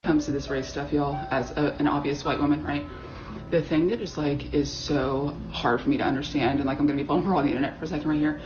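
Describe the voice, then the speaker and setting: A woman's voice: low-pitched, steady tone, fast, background noise. A woman venting in a blunt, profane confessional video rant, audibly frustrated. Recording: dull audio with faint music.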